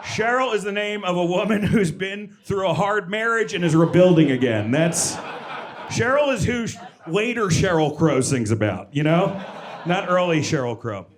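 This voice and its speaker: Stand-up comic, male, slightly high pitch, lively storytelling with loud bursts into character voices. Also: a little hiss or hum. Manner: energetic, with loud shouted impressions and quick asides. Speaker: stand-up comedian. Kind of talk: stand-up comedy set. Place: comedy club stage with audience laughter.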